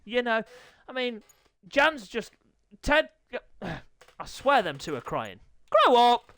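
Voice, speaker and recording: A man hosting a sim-racing league stream, commentating and chatting with his riders in a jokey, excitable way that breaks into yelps and laughter. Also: extremely high pitch, takes it slowly, no echo. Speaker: race league host and streamer. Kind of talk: live race commentary and chat.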